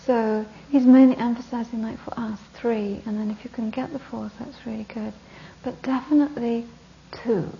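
A woman Buddhist teacher giving a talk, telling a story with lively narration that often drops to a whisper. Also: fairly high pitch, normal speed, vocal fry, few pauses. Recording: dull lo-fi recording with faint hiss.

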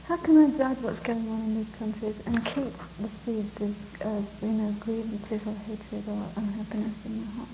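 A woman teacher giving a spiritual talk to a live audience, telling stories in a soft, reflective and hesitant way. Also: on the high side, steady tone, moderate pace, few pauses, a little hiss or hum. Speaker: meditation teacher. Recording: echoey, muffled room recording with faint ambience.

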